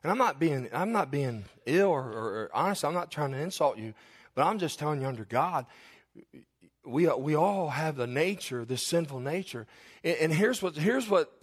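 A man's voice: on the high side, lively intonation, moderate pace, breathy edge. A male pastor preaching a sermon in church, telling confessional, humorous stories to his congregation.

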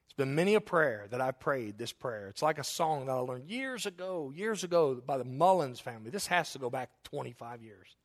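A man's voice: mid-range voice, expressive, a little fast, hardly any pauses. Emphatic preaching pastor, man. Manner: emphatic, repetitive preaching cadence; earnest, personal asides to the congregation. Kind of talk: sermon with altar call.

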